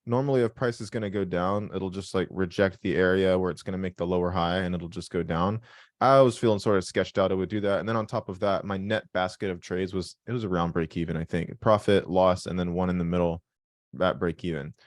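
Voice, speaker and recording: Deep-voiced blunt trading mentor. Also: male voice, fairly even intonation, brisk, no room sound, studio quality. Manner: blunt, joking, swears freely. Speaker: trading mentor hosting a live session. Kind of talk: live call-in session, casual profanity.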